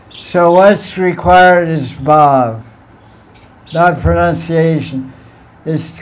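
A man's voice: sits high, rough recording. A man, a spiritual teacher, giving a devotional talk with verse recitation, playful and chuckling as he answers questions.

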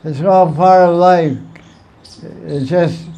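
A man's voice: fairly high pitch, slow pace, mellow. A man giving an informal spiritual talk, telling stories with playful asides and frequent chuckles. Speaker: spiritual teacher.

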